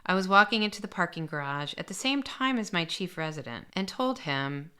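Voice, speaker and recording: A woman's voice: lowish voice, big pitch swings, fairly quick, sharp tone, clear, resonant tone. A woman doctor hosting a podcast, candidly telling a personal story and reading parts of it aloud in a reflective way. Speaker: aesthetic medicine doctor and podcast host.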